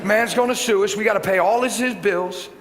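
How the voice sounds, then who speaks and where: A middle-aged man preaching a sermon and telling a personal story, swinging between loud bursts and hushed, gentle tones. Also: high-pitched, fairly quick. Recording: reverberant hall with faint background hiss.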